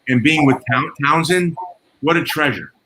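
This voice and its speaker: A man working as a sound engineer tells animated stories, acting out quoted dialogue. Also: fairly high pitch, moderate pace, rough recording. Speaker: guest, concert and theater sound engineer. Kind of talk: storytelling in casual chat. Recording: noticeable background noise.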